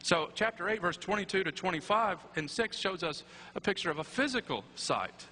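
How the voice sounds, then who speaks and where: A man's voice: sits high, normal speed, sharp tone. A man preaching a sermon in a chapel, conversational, with tag questions and wry asides. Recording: echoey chapel with faint hum.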